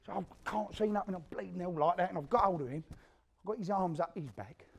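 A man's voice: high voice, brisk, vocal fry, husky, exaggerated voice. An actor with a London accent playing a hard, spiteful male gangster who recounts a brutal feud in a coarse, swearing theatrical monologue, re-enacting the scenes as he goes. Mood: grim boasting. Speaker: actor performing a stage monologue.

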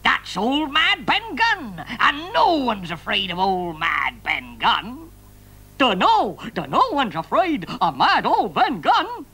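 A performer voicing a surly male pirate crewman in a children's puppet show, blustering in a gruff rustic dialect. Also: medium pitch, huge pitch swings, takes it slowly, pushed and bright, heavily acted. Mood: defiant.

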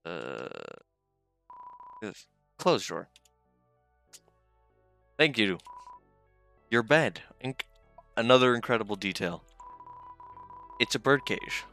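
A young man with a fairly low voice hosts a casual let's-play. He jokes loosely with his viewers and reads the on-screen game text aloud as he goes. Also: sing-song, takes it slowly, pauses often, a bit bright, faint music behind. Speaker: gaming channel host.

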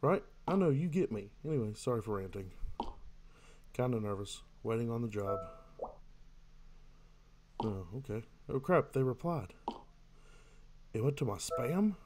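A man's voice: medium pitch, a little mellow. Guy playing a game, reads the texts out and cracks jokes back at them, hiss behind him. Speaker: gamer. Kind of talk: let's play commentary.

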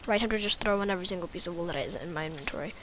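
A woman's voice: fairly low pitch, very fast, a bit bright, slight background noise. A woman giving casual, rambling, self-mocking commentary while playing a video game. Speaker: gaming YouTuber.

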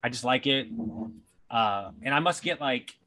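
A man's voice: medium pitch, lively intonation, measured pace, bright, forceful tone. A male podcast host, fired up and blunt, swearing freely in conversation.

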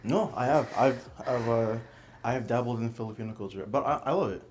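A young man co-hosting a casual podcast, easygoing and quick to laugh. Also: medium pitch, slight background noise. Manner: easygoing, lively ups and downs, bursts of laughter. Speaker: podcast co-host. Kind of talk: casual chat.

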